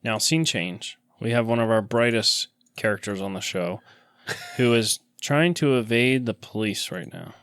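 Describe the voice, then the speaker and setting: A man's voice: lowish voice, unhurried, a bit bright, clean tone, no echo, studio quality. A man co-hosting a podcast, chatting casually and explaining movie scenes and car engine details. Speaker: podcast co-host. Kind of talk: casual chat.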